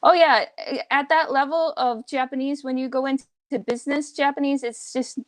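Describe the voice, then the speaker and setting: Opinionated woman with a fairly high voice. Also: moderate pace. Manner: emphatic, opinionated, animated impressions. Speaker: guest, language teacher. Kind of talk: casual livestream chat.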